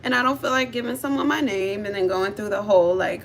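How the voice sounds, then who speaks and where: Livestreaming from her car, a woman tells a story in a chatty, casual way, giggly and animated, laughing often and talking straight to her viewers. Her medium-pitched voice is gravelly and fast with hardly any pauses, plus a little hiss or hum.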